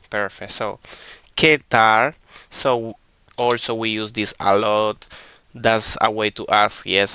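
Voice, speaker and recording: A man gives a beginner language lesson in a low, bright, very clear voice. He talks slowly and patiently, repeating each point and checking in with his listeners. The sound is dry and close. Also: no echo. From Dominican Republic. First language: Spanish. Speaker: Spanish teacher.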